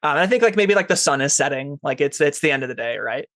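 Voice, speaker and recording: Game master, hesitant and rambling, mid-pitched, close and dry. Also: expressive, quick pace, fairly bright tone, no echo. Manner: hesitant, many fillers and restarts. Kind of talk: narrating a tabletop game.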